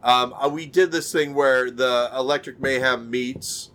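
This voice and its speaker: A man's voice: medium pitch, fairly even intonation, measured pace, a bit bright. A man co-hosting a podcast in casual chat over a video call, rambling with many fillers and restarts. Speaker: podcast co-host.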